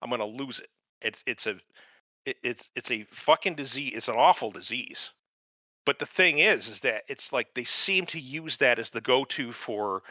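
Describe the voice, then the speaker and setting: A man's voice: mid-range voice, expressive, normal speed, pushed and bright, dry recording. A middle-aged man co-hosting a podcast, ranting in casual chat with heavy profanity and disbelief. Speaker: podcast co-host. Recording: dull lo-fi podcast mic.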